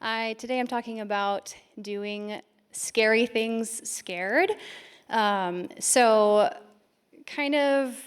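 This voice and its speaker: Woman, conference speaker, a little high-pitched, shaky with stage nerves, self-deprecating storyteller. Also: drawn-out words, clear, resonant tone. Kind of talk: lightning talk.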